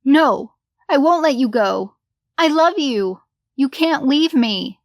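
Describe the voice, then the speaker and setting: A woman playing a desperate middle-aged mother who pleads in a raised voice, set well above normal talking pitch. It's a horror storybook reading recorded dry and close. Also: expressive, takes it slowly, dry recording, exaggerated voice.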